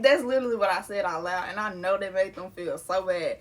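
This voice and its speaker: A woman's voice: medium pitch, fairly quick. A young adult woman telling a personal story in a casual, candid way, full of slang and swearing. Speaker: vlogger.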